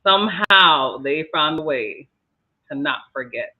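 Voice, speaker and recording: A man's voice: a little high, lively intonation, unhurried. A man sharing his thoughts in a casual group Bible discussion, reflective, with trailing phrases and light laughs. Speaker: discussion panelist. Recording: tinny phone-like line.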